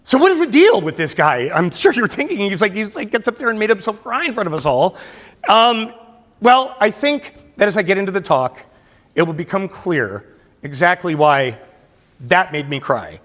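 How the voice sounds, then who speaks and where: A man's voice: high-pitched, sing-song, moderate pace, a bit bright. A middle-aged man giving a keynote speech in a self-deprecating storytelling way. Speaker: keynote speaker. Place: large hall at a luncheon. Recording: long hall reverb.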